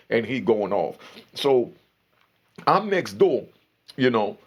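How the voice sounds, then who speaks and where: A man telling a story casually, slangy and animated, acting out the people in it. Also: on the low side, moderate pace, gravelly, breathy edge. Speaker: storyteller recounting prison life.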